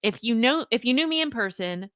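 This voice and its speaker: Young female streamer, bright tone, dry close sound, animated reactions while reading. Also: on the high side, fairly quick, no echo. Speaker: commentary livestream host. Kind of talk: live reaction commentary, reading texts aloud.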